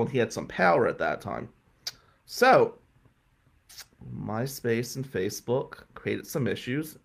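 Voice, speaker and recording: A man telling a story on a radio talk show, animated and acting out the voices of the people he quotes. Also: mid-range voice, vocal fry. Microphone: studio microphone.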